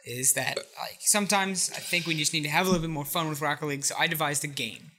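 Bright, excitable podcast co-host. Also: mid-range voice, fast, a little hiss or hum. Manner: excitable, laughs often, rambles with restarts. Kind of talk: casual podcast chat.

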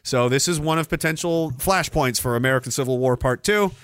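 A man's voice: medium pitch, a little fast, a bit bright, clean tone, no echo, clean studio sound. A man hosting a livestream, ranting sarcastically about the news and reading out viewer comments. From Canada. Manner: sarcastic, ranting, swears freely. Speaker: livestream host.

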